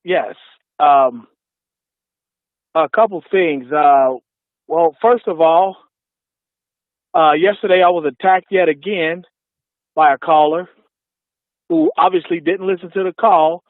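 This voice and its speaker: A male caller from Cincinnati with a local accent, talking haltingly with many fillers over the phone. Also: a little high, no echo. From Cincinnati, United States. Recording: tinny phone line.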